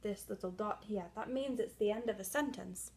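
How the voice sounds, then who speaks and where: A young woman giving a read-aloud literacy lesson to small children, explaining slowly and patiently and checking in with "okay?" as she goes. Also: medium pitch, darkish tone. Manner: claps and calls out syllables, some words half-whispered. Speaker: reading teacher.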